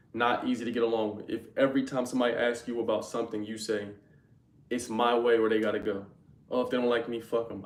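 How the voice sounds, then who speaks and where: A young man hosting a livestream speaks at a medium pitch in a roomy-sounding space, talking loosely and with lots of slang directly to his viewers' chat.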